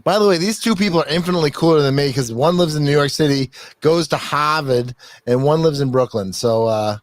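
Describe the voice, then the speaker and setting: A man's voice: on the high side, a little fast, dry recording. A man hosting a podcast in casual chat, reading contributor bios aloud in a rambling, joking way that is full of swearing and laughter. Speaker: podcast host.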